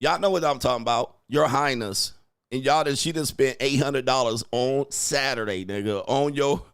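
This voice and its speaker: A man's voice: mid-range voice, vocal fry, fairly bright tone, clear, resonant tone, no room sound, clean studio sound. A man hosting a show, ranting crudely, mocking his listeners and breaking into laughter as he acts out their voices. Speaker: podcast host and dating coach. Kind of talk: crude comedic rant.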